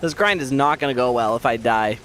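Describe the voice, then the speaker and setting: A man streams a game, his mid-range, slightly bright voice moving fairly quickly over slight background noise. Chatting casually and rambling to his viewers, he keeps coughing and clearing his scratchy throat.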